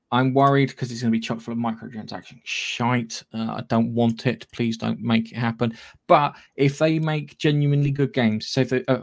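A man's voice: medium pitch, gravelly. A man co-hosting a casual gaming news podcast, chatty and rambling, with casual swearing. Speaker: podcast co-host.

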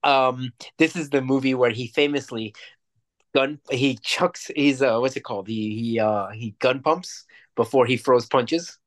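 A man's voice: mid-range voice, a little slow. A man co-hosting a casual podcast, talking in a rambling, emphatic way with plenty of swearing. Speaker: podcast co-host. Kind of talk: casual chat.

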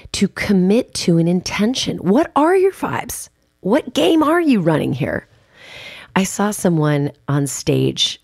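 Low, gravelly woman podcast host. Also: darkish tone, dry recording, studio quality. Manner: emphatic, chatty storytelling with casual asides. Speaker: podcast host and speaking coach. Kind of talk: conversational podcast monologue.

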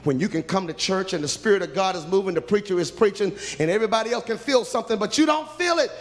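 A man preaching a sermon who swings from hushed pleading to loud cries, prays aloud and tells stories from his ministry. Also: high voice, animated, a little fast, few pauses, big-room sound.

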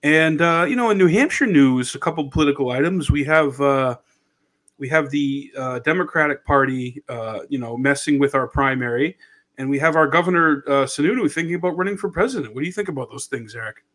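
A man co-hosting a political podcast in a casual, rambling way. His voice sits slightly high, and he restarts his sentences often. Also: fairly quick, a bit bright. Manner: loose and rambling, with many restarts. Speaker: podcast co-host.

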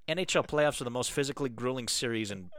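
A man's voice: medium pitch, fairly bright tone, no echo, natural voice. A man doing a put-on Canadian accent that drifts toward Irish, playing a crude male sports fan who rants about soccer. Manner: crude, ranting.

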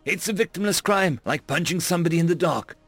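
A man voicing a deranged, mocking ancient ship AI that blurts odd catchphrases in a shrill singsong. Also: quick pace, a bit bright, dry recording, soft background music. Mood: manic.

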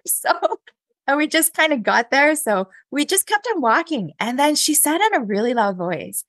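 A woman, a podcast guest, recounting a personal story in a chatty, animated way with many fillers and laughs. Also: fairly high pitch, moderate pace, dry recording. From Canada. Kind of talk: casual interview storytelling.

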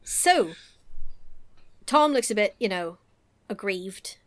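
On a podcast, a woman casually recaps a film, giggling and acting out lines in silly voices. Her voice is medium-pitched and animated, and she speaks at a slow pace.

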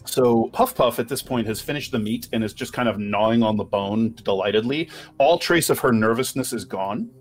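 A man narrating a tabletop game as game master, unhurried and expressive. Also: mid-range voice. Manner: unhurried, expressive, many fillers.

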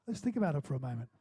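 A male pastor preaching in a church, his voice sitting high for a man. He talks to the room conversationally and punches his points with rhetorical questions. It's a lively, building sermon delivery. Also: husky. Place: church hall.

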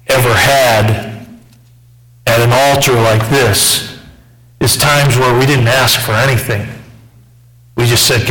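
Bright-voiced preacher asking the church questions. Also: male voice, mid-range voice, poor audio. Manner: preacher who asks the church questions and swings from loud to soft. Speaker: pastor. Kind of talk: sermon.

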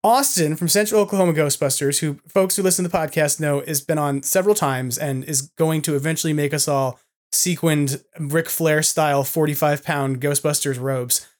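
A man hosting a podcast, telling a long story in an excitable, rambling way and laughing often, talking over a video call. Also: on the high side, normal speed. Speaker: podcast host. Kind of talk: casual chat.

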